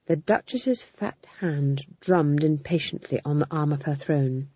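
A woman narrating an audiobook with measured, expressive storytelling, in a dull lo-fi recording. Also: sits low, husky, no room sound. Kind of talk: scripted narration.

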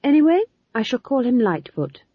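A woman doing a fretful young witch in a storybook reading, pitched high above the narration and quavering as she defends herself. The voice sounds earnest and breathy. The recording is dull and dry. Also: big pitch swings, normal speed, no room sound. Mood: defensive.

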